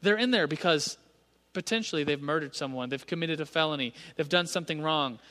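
A man's voice: fairly high pitch, brisk, pushed and bright. A man in his thirties preaching a sermon in a conversational, storytelling manner. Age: 30s. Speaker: pastor. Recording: reverberant church hall.

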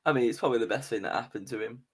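A man chatting casually on a podcast, loose and jokey, quick to laugh. His voice sits at an ordinary pitch and comes through a remote call. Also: a bit bright, breathy edge. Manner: laughs often, loose and joking. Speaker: podcast host. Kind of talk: casual chat.

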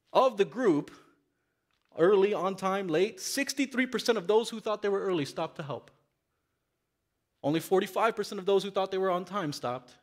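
A man preaching a sermon in a church, reading scripture aloud and then speaking earnestly and openly to the congregation. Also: high voice. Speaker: pastor.

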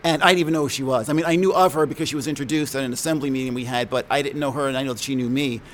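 A middle-aged man from New York telling a personal childhood story in a reflective, conversational way, often pausing and correcting himself. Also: mid-range voice, steady tone, slight background noise. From New York, USA. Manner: conversational, halting, self-correcting. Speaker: speaker sharing a personal story.

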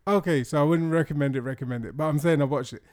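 A man talking films in a relaxed podcast, agreeable and a little halting. His voice sits somewhat high for a man. He trails off and restarts as he thinks. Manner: hesitant, agreeable, many fillers and laughs. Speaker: podcast co-host. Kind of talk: casual film chat.

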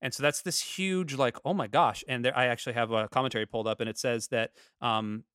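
Male podcast co-host, smooth and dry, animated storyteller. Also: medium pitch, fast talker, dry recording. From Florida. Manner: animated storyteller, acts out quotes. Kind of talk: casual chat.

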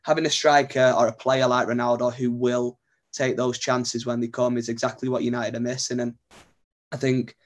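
A man's voice: mid-range voice, level tone, normal speed. A man, a podcast guest, talking football in a thoughtful, easygoing way. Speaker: podcast guest, club editor. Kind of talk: casual podcast chat.

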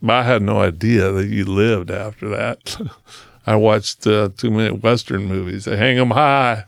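A podcast guest who works as a motivational speaker shares his personal story in a low, gravelly voice. His tone stays steady and earnest, and he slows down to emphasize the key moments. The recording is close and dry, with no room echo.

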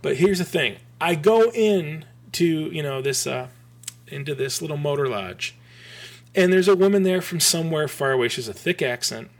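A man's voice: a little high, moderate pace. Rambling, restless middle-aged man. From Michigan. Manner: rambling, animated, frequent restarts and swearing. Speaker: podcast guest, graphic designer. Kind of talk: casual storytelling.

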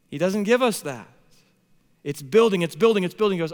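A man in his thirties preaching a sermon as a pastor, animated, swinging from hushed tones to near shouting. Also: sits high, a little fast, long pauses. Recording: long hall reverb.

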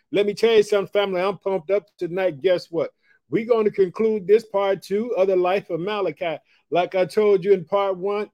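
A man from Chicago hosting a devotional podcast, talking with energy and repetition in a folksy, encouraging way. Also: high voice. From Chicago, Illinois. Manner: energetic, repetitive, folksy, calls listeners "family" and "boy". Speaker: podcast host and preacher. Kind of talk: enthusiastic devotional podcast talk.

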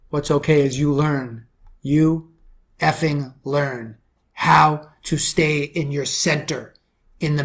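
Intense preaching New York man. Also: gravelly. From the Bronx, New York. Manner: forceful preaching, rhetorical questions, drops to low intense tones. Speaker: podcast host and men's coach. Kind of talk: motivational monologue.

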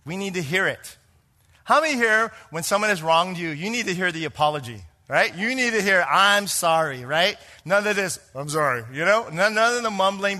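A pastor preaching to his congregation, his voice pitched a little high and carrying a bright, forceful edge. He moves between quiet, hushed lines and emphatic ones, often turning to the people with questions. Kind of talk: sermon.

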